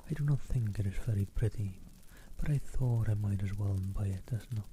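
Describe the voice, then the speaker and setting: A man reading aloud, softly voicing a giddy, boastful teenage girl. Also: lowish voice, normal speed, a little hiss or hum, close to an everyday voice. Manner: soft, hushed reading voice.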